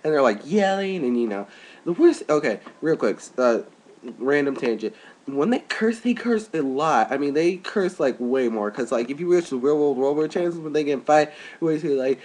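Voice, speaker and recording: A young man in a rambling, filler-heavy casual webcam vlog, recorded at home, jumping his voice up high for quoted people. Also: animated, moderate pace, darkish tone. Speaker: vlogger. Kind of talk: casual chat.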